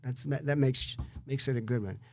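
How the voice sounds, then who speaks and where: A male host in a conversational interview, speaking in an animated way and often repeating words as he gets going. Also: medium pitch, moderate pace. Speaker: show host.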